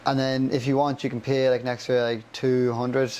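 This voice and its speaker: A man's voice: mid-range voice, moderate pace, a little hiss or hum. A man in his twenties with an Irish accent, a podcast guest talking loosely and leaning on "like" as he goes. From Ireland. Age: 20s. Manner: relaxed, loose, heavy use of "like". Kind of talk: casual interview chat.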